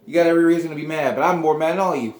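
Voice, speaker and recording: A man voicing an outraged male wrestler who complains in a high, indignant voice, with a roomy echo. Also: unhurried, a bit bright.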